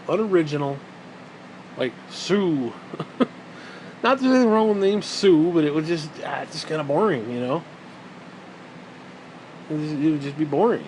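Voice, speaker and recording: A man in his forties riffing through a rambling, foul-mouthed rant, sarcastic and blunt. His voice sits a little high for a man. A faint hum of background noise lies under it. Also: darkish tone, low-quality recording. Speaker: vlogger. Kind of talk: rambling monologue.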